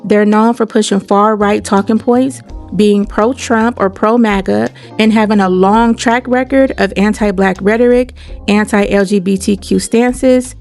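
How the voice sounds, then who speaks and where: A woman's voice: mid-range voice, creaky, a little mellow. A woman hosting a casual commentary video in a chatty, slangy way. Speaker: YouTube commentary host.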